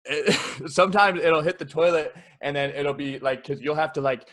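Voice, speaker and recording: A man with a somewhat high voice co-hosts a podcast in crude, casual banter. He rambles with stops and starts and fills the gaps with "like". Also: fairly bright tone. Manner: rambling, halting, many "like" fillers, crude humor. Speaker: podcast co-host.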